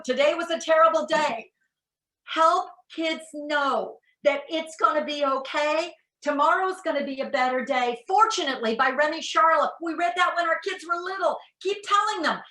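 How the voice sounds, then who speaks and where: A woman in her sixties giving an animated talk to parents as a psychologist, acting out quotes as she tells stories. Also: high-pitched, echoey room, poor audio. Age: 60s. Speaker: educational psychologist speaker.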